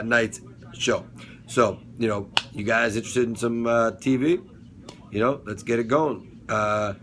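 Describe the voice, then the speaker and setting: A man's voice: medium pitch, a bit bright, slight background noise. Rambling, chatty male sports vlogger. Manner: rambling, chatty, many fillers and restarts; swears casually, laughs at his own jokes. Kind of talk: casual solo vlog commentary.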